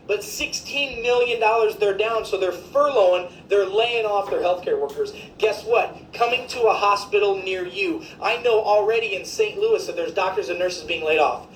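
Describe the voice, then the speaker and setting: A woman physician, delivering an indignant, emphatic, profane rant to her viewers. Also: mid-range voice. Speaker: physician commentator. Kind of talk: ranting video commentary. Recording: echoey room, faint background noise.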